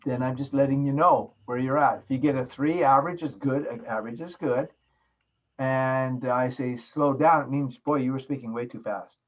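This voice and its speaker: A Canadian man delivers a recorded class lecture in a medium-pitched voice, the highs cut off. He speaks emphatically, stressing and repeating key words, and demonstrates both soft and loud speaking.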